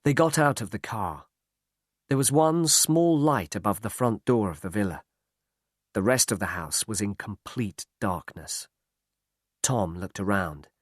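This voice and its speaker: A man reads a story aloud slowly and clearly. His intonation rises and falls a lot. The recording is dry and close. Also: on the low side, no echo. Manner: slow, clear, expressive. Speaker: narrator. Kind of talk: reading a graded story aloud.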